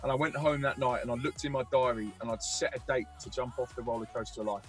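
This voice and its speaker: A man telling a vivid personal story as a guest, energetic, acting out the voices of people he quotes. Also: medium pitch, quick pace, soft background music. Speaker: guest musician and youth speaker. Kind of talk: animated storytelling.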